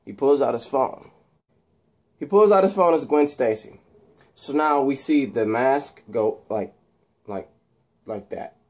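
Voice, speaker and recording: A man's voice: medium pitch, animated, a little slow, long pauses, darkish tone. A young man casually retelling a film scene in a rambling way, full of restarts. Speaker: video creator.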